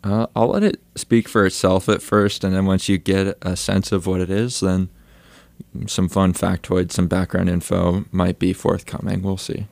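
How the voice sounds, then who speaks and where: Young male guest musician, very deep and gravelly, dry wit, casual interview. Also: level tone, normal speed, a little mellow, no echo. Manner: self-deprecating, wry. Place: college radio studio.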